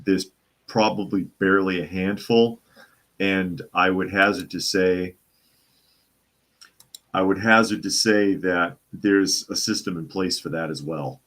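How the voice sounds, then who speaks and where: Deep-voiced man hosting a casual talk. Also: fairly even intonation, a little slow, a bit bright. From Boston area. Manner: conversational, restarts and repeats phrases. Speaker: live show host reading viewer comments.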